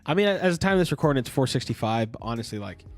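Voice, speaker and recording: A man's voice: medium pitch, lively intonation, racing, a little mellow, faint music behind. A young man co-hosting a casual podcast, rambling with restarts and frequent swearing. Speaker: podcast co-host. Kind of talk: casual chat.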